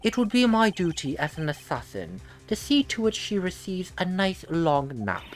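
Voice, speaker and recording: Brief: polite gentleman assassin, man, voiced by a woman, deep and formal. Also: sing-song, moderate pace, soft background music. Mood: calm, menacing. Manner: courteous, formal, quietly menacing. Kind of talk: fan voice-over of a game.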